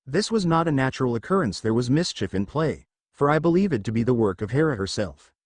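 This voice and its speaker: A man's voice: mid-range voice, very animated, quick pace, dry recording, clean studio sound. A man reading as a proud demigod pleading innocence. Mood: earnest. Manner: pleading earnestly.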